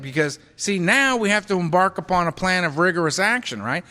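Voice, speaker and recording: A middle-aged man speaking at a recovery meeting, telling a story with an animated, self-mocking sense of humor. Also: a little high, fairly quick, few pauses. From United States. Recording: hall reverb, live talk recording.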